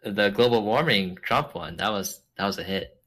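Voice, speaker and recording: A man's voice: fairly low pitch, moderate pace, fairly bright tone. A man co-hosting a casual podcast, joking and laughing often. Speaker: podcast co-host. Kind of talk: casual chat.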